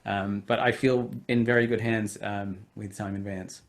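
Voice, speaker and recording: A man's voice: fairly low pitch, fairly even intonation, moderate pace. Hesitant nasal American man. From United States. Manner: hesitant, many fillers. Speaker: author guest. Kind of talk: virtual event conversation. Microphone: home computer mic on video call.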